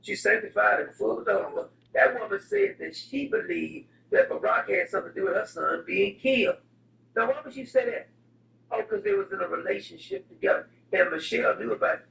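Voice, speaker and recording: A man's voice: high-pitched, wildly swooping pitch, fairly quick, vocal fry, fairly bright tone. A man delivering a comedic, rambling rant in a digressive, mock-serious way. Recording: roomy echo, distant mic, music behind.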